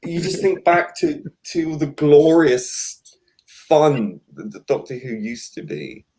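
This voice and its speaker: A man's voice: fairly high pitch, lively intonation, slow pace, dark tone. A man hosting a casual chat, talking with frequent fillers and restarts and voicing firm opinions. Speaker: podcast host.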